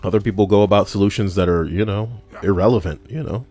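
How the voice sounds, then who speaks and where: Deep-voiced rambling streamer guy. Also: quick pace, warm tone, soft background music. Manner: rambling, profane, many fillers. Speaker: podcast host and streamer. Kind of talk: casual chat while gaming and reading chat.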